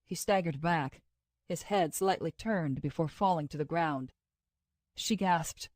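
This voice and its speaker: An audiobook narrator reads scripted narration in a steady, even storytelling manner. Her voice is on the low side and moves at a normal speed, recorded with clean studio sound and no room sound.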